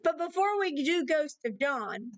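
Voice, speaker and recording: A woman's voice: high voice, sing-song, measured pace, no echo. A woman music teacher in a recorded distance-learning lesson, explaining beat and rhythm and counting out patterns with syllables.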